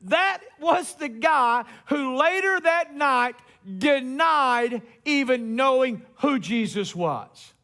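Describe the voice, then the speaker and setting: High-voiced male pastor preaching. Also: lively intonation, takes it slowly, hardly any pauses, bright, forceful tone. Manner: storytelling preacher, acts out quotes with rising emphasis. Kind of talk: sermon.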